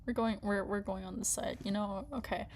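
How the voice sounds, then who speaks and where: A woman's voice: medium pitch, steady tone, fairly quick, a little mellow, a little hiss or hum. A young woman chatting casually and reading a story aloud, often restarting her words. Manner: stumbling, restarting, giggly.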